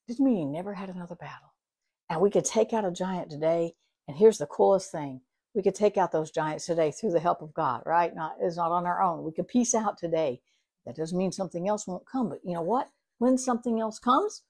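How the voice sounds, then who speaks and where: A middle-aged woman hosting a morning devotional, speaking earnestly and expressively, sometimes dropping to a soft whisper. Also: lowish voice, creaky, husky. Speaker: devotional host.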